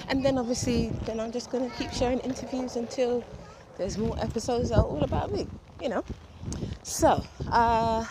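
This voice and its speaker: A woman hosting a casual solo podcast while walking through a windy park on a headset mic, slightly out of breath, chatty and rambling with casual swearing. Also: on the low side. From England. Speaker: podcast host. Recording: outdoor wind and street noise.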